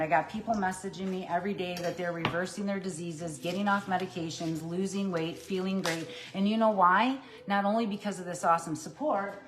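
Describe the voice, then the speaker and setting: A woman coaching viewers on plant-based eating in a casual cooking livestream, upbeat and chatty while she chops and cooks in a kitchen. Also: on the low side. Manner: upbeat and chatty, addresses viewers as "you guys"; talks while chopping and cooking.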